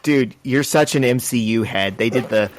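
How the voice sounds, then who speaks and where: A man's voice: mid-range voice, normal speed. Man trading dry, sardonic quips. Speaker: podcast co-host. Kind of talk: casual podcast banter.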